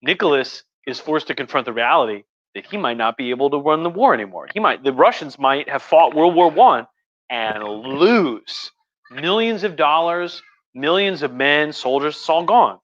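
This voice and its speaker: A man's voice: fairly high pitch, expressive, moderate pace, a bit bright. Tipsy man, crude rambling history talk. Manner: crude, profane, rambling with restarts. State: tipsy from wine. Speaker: host. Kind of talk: casual livestream history talk. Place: home room. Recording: dull, muffled audio.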